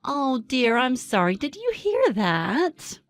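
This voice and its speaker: A woman's voice: medium pitch, animated, moderate pace, close to an everyday voice. A woman voicing a snide, bossy mom who mocks others in a sing-song tone. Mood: mocking. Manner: mocking, smirking sing-song.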